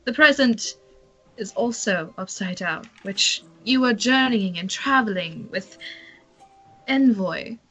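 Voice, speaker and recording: Woman as a card-reading fortune-teller, slow and dramatic, bright voice, soft music behind. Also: medium pitch, lively intonation, exaggerated voice. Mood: mystical. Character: theatrical female fortune-teller reading cards.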